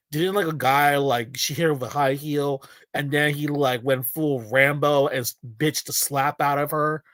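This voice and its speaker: A man's voice: fairly high pitch, a bit bright, dry recording. Crude ranting male streamer, dry close mic. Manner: crude, ranting, rambling with many fillers. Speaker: streamer reacting to a video. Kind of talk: casual livestream commentary.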